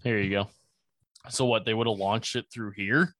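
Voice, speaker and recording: A man's voice: fairly low pitch, fairly even intonation, moderate pace, a bit bright, dry recording. A young man in casual podcast chat, rambling through an explanation with laughs and the odd curse. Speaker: presenter of a conspiracy topic.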